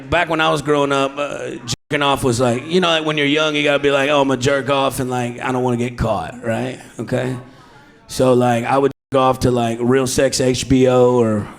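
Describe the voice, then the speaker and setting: A man with a drawl riffs off audience suggestions in improvised stand-up, his voice at an ordinary middle pitch. He talks crude and rowdy, chuckling through his punchlines on a club stage mic. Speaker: stand-up comedian. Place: comedy club stage before a live audience.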